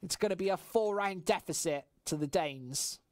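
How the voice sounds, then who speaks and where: A woman from the West Midlands with a West Midlands English accent, casting a match solo on a stream, relaxed while chatting with viewers and loud at big plays. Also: fairly low pitch, moderate pace, no echo. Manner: swings from relaxed chat-reading to shouting excitement at big plays. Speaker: esports caster. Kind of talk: solo play-by-play commentary on a stream.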